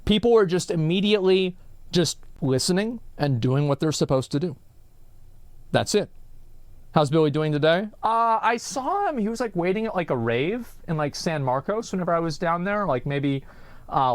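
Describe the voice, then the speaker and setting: Male streamer from Texas, rambling and profane storyteller, highish voice with very lively pitch, dry sound. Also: normal speed, no room sound. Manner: rambling, profane, full of filler words. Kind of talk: casual storytelling on a live stream.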